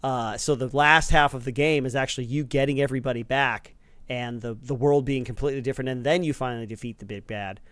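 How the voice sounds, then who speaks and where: A man co-hosting a casual podcast, enthusiastic and quick to laugh, speaking into a close mic. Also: mid-range voice, fairly even intonation, fairly bright tone, no echo. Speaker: co-host.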